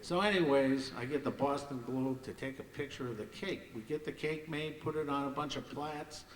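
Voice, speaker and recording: An older man telling lively anecdotes at a ceremony on a banquet hall stage and acting out the voices of others, in an echoey hall heard from far off. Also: mid-range voice, normal speed, a little hiss or hum. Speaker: hall of fame ceremony speaker. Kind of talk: anecdotal after-dinner storytelling.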